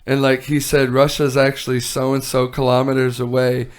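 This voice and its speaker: A man co-hosting a podcast, telling quick casual anecdotes. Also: medium pitch, monotone. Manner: quick, chatty storyteller. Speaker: podcast co-host. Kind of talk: casual chat.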